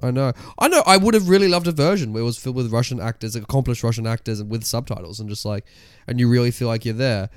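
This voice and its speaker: A young man, co-hosting a casual film review chat, animated and swearing often. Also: mid-range voice, fast talker, clean tone, dry recording, studio quality. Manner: animated, swears a lot, acts out quotes. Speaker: podcast co-host.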